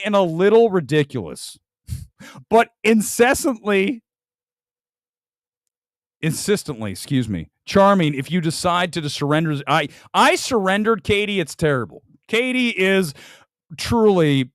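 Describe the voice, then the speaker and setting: High-pitched, animated man ranting. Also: no echo, studio quality. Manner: combative, mocking, theatrical outbursts. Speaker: movie review show host. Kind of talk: ranting commentary on film reviews.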